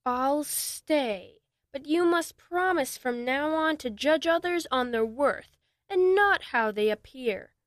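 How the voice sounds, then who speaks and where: A woman voicing a calm, wise male snake who speaks slowly and measuredly in a storybook. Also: sits high, no room sound, clean studio sound. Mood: solemn.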